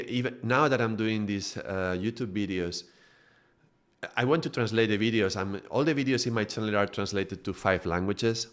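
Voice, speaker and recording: A middle-aged man with a strong Spanish accent, a native Spanish speaker from Spain, hosts a casual live talk as a spiritual teacher. His voice sits fairly low, and he speaks in quick, animated bursts, chuckling often and restarting his sentences as he goes. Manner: quick, animated storytelling with frequent laughs and restarts.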